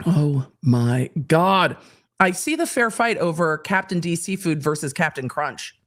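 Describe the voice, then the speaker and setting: A woman's voice: fairly low pitch, expressive, normal speed, fairly bright tone. A woman hosting a live stream, reading out social media replies with laughing, incredulous reactions. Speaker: host.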